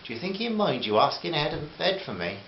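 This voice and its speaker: A man's voice: on the high side, big pitch swings, quick pace, muffled recording, a little hiss or hum, voice pushed up. Friendly posh older lord, genial and upper-class, a man voicing him, roomy home recording. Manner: genial, upper-class, fond terms of address.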